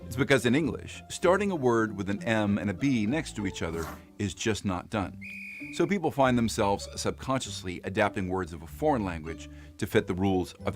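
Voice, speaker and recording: A man narrating an educational explainer clip in a clear, engaging scripted style. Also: lowish voice, animated, brisk. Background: background music.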